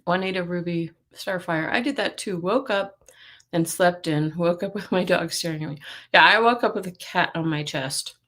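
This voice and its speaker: A woman's voice: on the low side, normal speed, a bit bright. A middle-aged woman hosting a psychic live stream, chatting casually and greeting viewers by name. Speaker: psychic livestream host.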